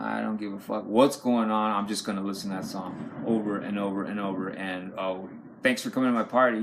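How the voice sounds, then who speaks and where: Low gravelly man rambling about records. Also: a bit bright, a little hiss or hum. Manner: rambling, profane, enthusiastic, many fillers. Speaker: record collector showing his vinyl. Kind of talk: casual unscripted talk to camera.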